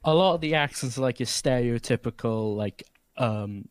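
A man's voice: mid-range voice, normal speed, smooth, dry recording. A man in casual chat, wry and storytelling, mimicking what others said.

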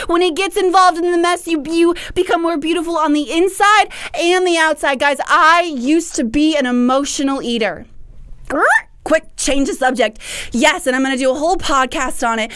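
A woman's voice: sits high, fairly bright tone, a little hiss or hum. A young woman hosting a faith podcast, talking in an earnest, preachy way and often restarting her sentences. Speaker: podcast host.

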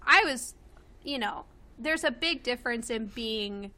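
Bright-voiced chatty woman in her twenties. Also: fairly high pitch, animated, a little slow. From Kentucky. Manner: chatty, many fillers and laughs. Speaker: guest. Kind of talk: casual chat. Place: home with a loud pet bird.

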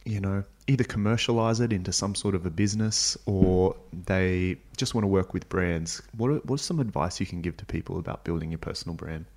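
A man hosting a podcast, asking questions in a casual interview and offering gentle affirmations. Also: sits low, fairly quick, hardly any pauses. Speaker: podcast host.

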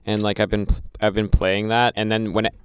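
A man's voice: on the low side, little pitch movement, brisk, smooth, dry recording. A young man co-hosting a casual podcast, rambling with lots of filler words. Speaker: podcast co-host. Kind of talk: casual chat.

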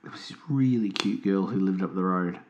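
A man's voice: deep voice, a little fast, darkish tone, roomy sound. A man co-hosting a podcast, telling rambling comic stories in casual banter. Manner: rambling storytelling, chatty. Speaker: podcast co-host.

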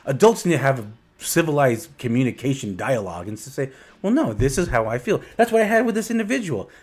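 A man's voice: mid-range voice, sing-song, fast talker, breathy edge. A man co-hosting a casual podcast chat, talking emphatically and often repeating his first words as he starts a thought. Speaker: podcast co-host.

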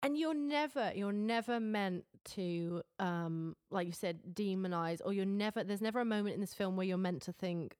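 A woman's voice: mid-range voice, normal speed, few pauses, a little mellow, dry recording, clean studio sound. An Englishwoman co-hosting a podcast, chatting casually about a film, swearing freely and laughing often. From England. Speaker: podcast co-host. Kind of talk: casual film review chat.

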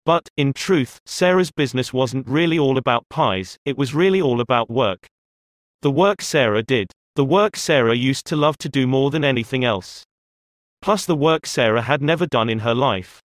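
A man narrating an audiobook in a measured, expressive storytelling manner. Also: mid-range voice, no echo, clean studio sound.

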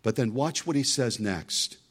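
A man's voice: medium pitch, animated, unhurried, husky. A middle-aged man preaching a sermon as a pastor, emphatic and full of storytelling asides.

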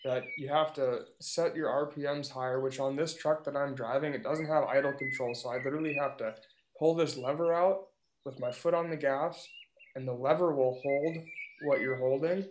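A man who drives a delivery truck, telling a work story in animated casual chat. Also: mid-range voice, moderate pace. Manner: animated, vivid retelling. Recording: roomy echo with faint noise.

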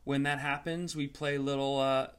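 A comedian hosting his own show, delivering an energetic intro and promo with a hyped, salesy manner and sarcastic asides. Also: medium pitch, normal speed, clear, resonant tone.

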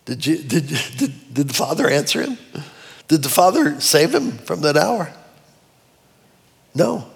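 A man preaching a sermon in an animated way, with dramatic swings in his voice as he quotes scripture. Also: fairly high pitch, a little slow, vocal fry, pauses often, in a large hall. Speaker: pastor.

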